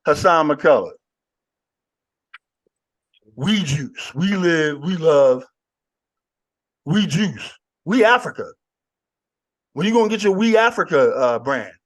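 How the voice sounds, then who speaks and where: A man with a high voice leads a casual online panel chat. His pitch swings all over as he fires off questions with a lot of hype. He keeps the talk moving. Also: slow pace, long pauses. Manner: animated, hyped questioning. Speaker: host.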